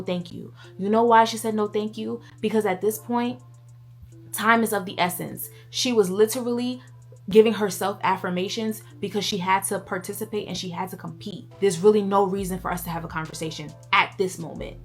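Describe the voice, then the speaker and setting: Woman commentator, mid-pitched, deliberate and indignant, faint music under her. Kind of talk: scripted commentary monologue.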